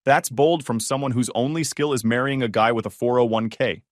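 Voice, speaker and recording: A man's voice: medium pitch, a little fast, dry recording, clean studio sound, lightly acted. A man voicing a sardonic brother-in-law who delivers a sly, mocking aside in a spoken story.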